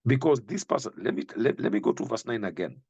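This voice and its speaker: A man preaching a sermon, reading and explaining Bible verses slowly and emphatically, speaking directly to the listener. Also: medium pitch, sing-song, creaky, darkish tone, breathy edge, no room sound, lo-fi sound.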